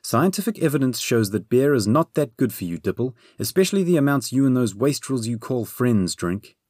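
A man's voice: medium pitch, sing-song, fairly quick, a little mellow, no room sound, studio quality, pitched above the performer's own voice. A man voicing a hectoring, lecturing male companion who scolds in a storybook reading. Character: hectoring know-it-all male companion Bernie.

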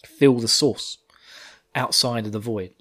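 A man's voice: medium pitch, unhurried, fairly bright tone. A man recapping a fantasy novel chapter in a rambling, casual way, often laughing and swearing. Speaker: book reviewer.

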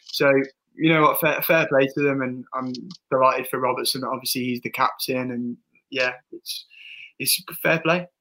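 A man with a bright, forward voice talks football on a casual podcast. He rambles, restarts his sentences and gives firm opinions. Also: mid-range voice, steady tone, moderate pace, low-quality recording. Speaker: podcast co-host.

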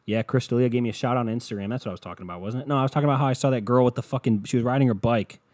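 A man's voice: medium pitch, rapid-fire, darkish tone, dry recording. A man hosting a solo podcast, ranting in a scatterbrained, profane way from a hot indoor room. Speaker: podcast host.

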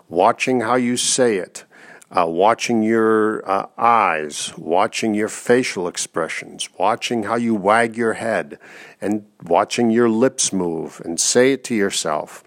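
A man giving a relaxed, encouraging spoken lesson with some fillers. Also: fairly low pitch. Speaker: instructor. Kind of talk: instructional talk.

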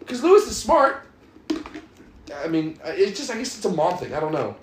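A man's voice: sits high, sing-song, moderate pace, reverberant, noisy background. A man with a Texas accent hosting a podcast, profane, teasing and laughing a lot in rowdy casual chat. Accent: Texas Southern US. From Texas, USA.

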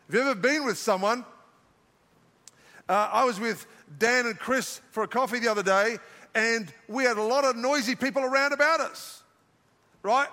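An older Australian man preaching to his congregation, his voice high and forceful. He slips playful, self-deprecating jokes in between scripture points, and a long hall reverb trails each line. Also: normal speed, long pauses. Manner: joking, self-mocking asides. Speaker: pastor. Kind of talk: sermon. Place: large church auditorium.

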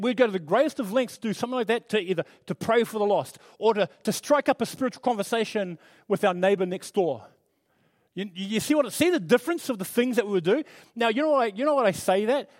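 A man's voice: high voice, animated, fast talker, a little mellow, dry recording. A middle-aged man preaching a conversational sermon, earnest and storytelling, with frequent restarts.

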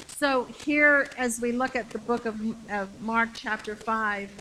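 A woman's voice: a little high, a little slow, sharp tone, a little hiss or hum, rough recording. A middle-aged woman preaching a sermon in a conversational, emphatic way, repeating phrases to build up her point, with a congregation answering her.

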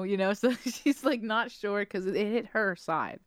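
A woman podcast host telling a casual story with animated quoted voices and frequent laughs. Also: mid-range voice, moderate pace, hardly any pauses, no echo, studio quality.

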